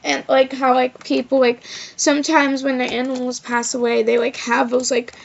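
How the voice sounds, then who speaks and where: High-voiced young female vlogger, rambling. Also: flat delivery, normal speed, vocal fry. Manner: rambling, heavy use of "like" and "of course". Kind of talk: casual personal storytelling to camera. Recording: slightly dull lo-fi recording.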